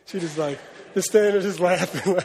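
A man's voice: high-pitched, normal speed, darkish tone, in a large hall. A man preaching a sermon as a pastor, talking in a conversational way and often asking his listeners questions. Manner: conversational, asks the audience questions.

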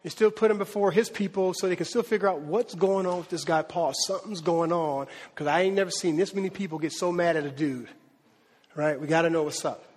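A man delivers a casual, energetic sermon, slipping into slang and acting out the people in the story. His voice sits high and slightly husky, with long reverb from the hall around him. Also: brisk. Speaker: preacher. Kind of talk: lively conversational sermon.

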